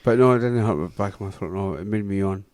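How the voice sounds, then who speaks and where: A Scottish man hosting a casual afternoon radio show, with a low-pitched voice and a teasing, joking way of talking. The sound is close and dry, with no room echo. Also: quick pace, darkish tone. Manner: teasing, jokey banter. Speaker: radio host.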